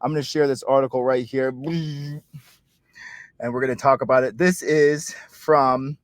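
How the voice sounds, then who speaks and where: A man's voice: mid-range voice, steady tone, a little slow, no echo. A man hosting a cricket channel, chatting casually and jokily from inside his car, rambling and poking fun at himself. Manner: rambling, jokey, self-mocking. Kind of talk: casual vlog chat.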